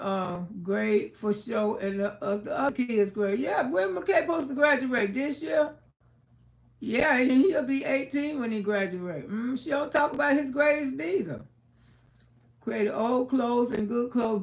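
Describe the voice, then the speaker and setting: An older woman, telling emotional stories on her livestream in an outspoken way and swearing freely. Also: high-pitched. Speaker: livestream host. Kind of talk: casual livestream storytelling.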